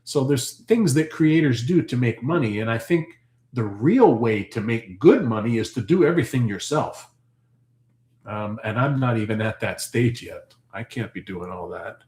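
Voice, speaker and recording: A man's voice: mid-range voice, animated, normal speed, a little mellow. Chatty man with a roomy echo. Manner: rambling, chatty, thinks aloud with fillers. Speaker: homestead channel host. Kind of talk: casual live chat answering viewer comments.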